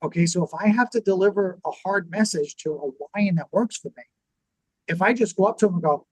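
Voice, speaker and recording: A man co-hosting a business talk show, teaching in a lively conversational way and acting out what people would say. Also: sits high, brisk, slightly rough, dry recording, low-quality recording. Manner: animated, acts out quoted reactions. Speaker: podcast co-host.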